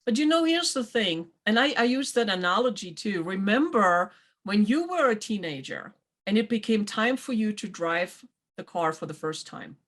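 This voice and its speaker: A woman hosting a talk show, chatting in a casual motivational way and acting out quoted voices with lively swings. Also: medium pitch, moderate pace. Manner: animated, acts out quoted voices. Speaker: podcast host.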